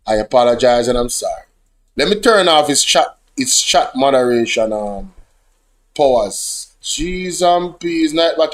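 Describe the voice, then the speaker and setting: Jamaican male streamer, fairly high-pitched, lively chat to viewers, drops into patois. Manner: animated, slips between English and patois, addresses chat directly. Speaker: livestream host. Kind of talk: casual livestream commentary.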